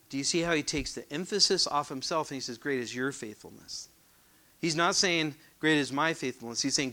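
A man's voice: a little high, sharp tone. A man preaching a sermon, earnest and emphatic, often repeating words as he presses a point. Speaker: pastor.

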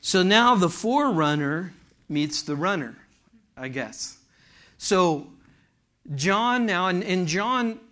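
A man's voice: on the high side, a bit bright. A man preaching a sermon to a congregation in a church, fervent and asking the room questions. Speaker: pastor.

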